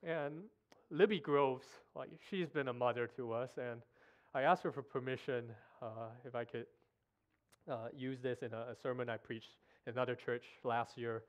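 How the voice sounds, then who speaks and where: A man preaching a sermon in a church, earnest and emotional, halting with restarts as he speaks. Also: mid-range voice, fairly even intonation. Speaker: guest preacher. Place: church sanctuary.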